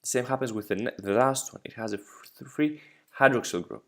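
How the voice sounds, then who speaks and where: A man's voice: mid-range voice, brisk. A man whose first language is Greek, teaching biology step by step over slides, asking the listener questions and correcting his own slides as he goes. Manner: explains step by step, checks understanding with questions. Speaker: biology tutor.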